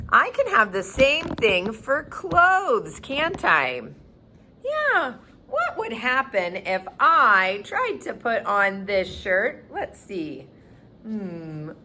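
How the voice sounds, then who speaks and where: A woman teaching young children in a virtual circle time lesson, talking in an exaggerated, sing-song teacher voice. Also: sharp tone. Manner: exaggerated, sing-song teacher talk with big pitch leaps. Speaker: preschool teacher.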